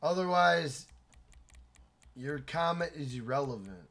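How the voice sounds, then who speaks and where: A man live-streaming a video game, talking loudly to his chat with swearing and shout-outs. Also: a little high, measured pace, crowd noise.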